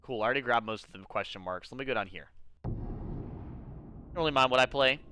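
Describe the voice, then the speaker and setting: A young man streaming a video game, chatting casually with his viewers, excitable and quick to swear. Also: medium pitch, a little hiss or hum. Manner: excitable, swears often, talks to chat. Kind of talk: casual live-stream commentary.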